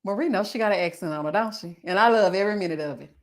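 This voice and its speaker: A woman recapping a reality show on her channel, chatting loosely with viewers, reading their comments aloud and laughing often, with drawn-out endearments. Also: mid-range voice. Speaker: TV recap YouTuber. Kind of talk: casual recap commentary reading live chat.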